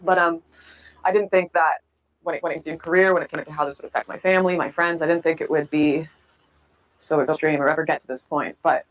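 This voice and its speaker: A woman's voice: deep voice, steady tone, fast talker, poor audio. A woman giving a candid, reflective account of her time in politics, sometimes acting out what others said. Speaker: political commentator telling her story. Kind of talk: storytelling interview.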